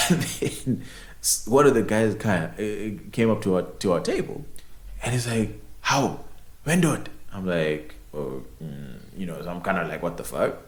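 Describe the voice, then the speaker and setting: Podcast co-host, male, deep voice, animated swings in pitch. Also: a little slow. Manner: animated, laughing storyteller. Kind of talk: casual storytelling chat. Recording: roomy echo.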